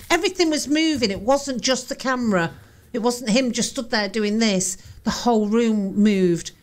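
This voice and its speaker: A woman reacting to a ghost-hunting video, jumpy and exclaiming, swearing often. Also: a little high.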